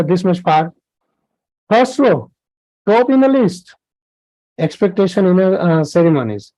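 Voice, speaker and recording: A man's voice: on the high side, a little slow, warm tone, no room sound, low-quality recording. A young man with an Indian English accent giving a spiritual lecture, earnest and explanatory, with many fillers and restarts. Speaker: spiritual talk presenter.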